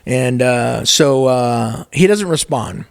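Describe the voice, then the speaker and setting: A man in his thirties tells a long story as a podcast guest, in a loose, rambling way. He swears constantly and fills his pauses with "um" and "right". His voice sits at a middling pitch, and the dry recording has no room sound. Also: expressive, creaky, dry recording. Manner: profane, rambling, with many fillers. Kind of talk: casual storytelling.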